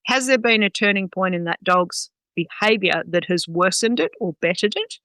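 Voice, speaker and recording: A woman's voice: fairly low pitch, moderate pace, a bit bright, no echo, low-quality recording. A woman, a guest dog trainer talking bluntly and swearing freely in a casual podcast chat. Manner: blunt, sweary, talks with many "um"s.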